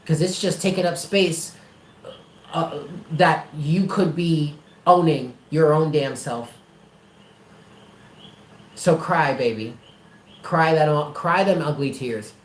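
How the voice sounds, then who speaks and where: A man's voice: a little high, fairly even intonation, slow, pauses often, reverberant, poor audio. A man giving a live tarot reading, talking in an emphatic, blunt and affectionate way and swearing often. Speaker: tarot reader.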